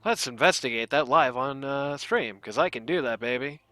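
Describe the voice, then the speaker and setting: A man's voice: mid-range voice, moderate pace, pushed and bright, no room sound. A man hosting a stream, talking playfully through a casual post-game chat and reading stats aloud. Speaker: stream host.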